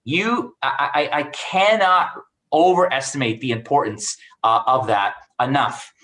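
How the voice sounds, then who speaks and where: A man, a cybersecurity expert giving career advice through animated stories over an online call, acting out what people said. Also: medium pitch, unhurried, poor audio. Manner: animated, acts out quoted dialogue.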